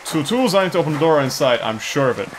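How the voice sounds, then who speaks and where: A man giving sarcastic, excitable commentary while playing a horror game. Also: on the high side, fast talker, background noise. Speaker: let's play gamer.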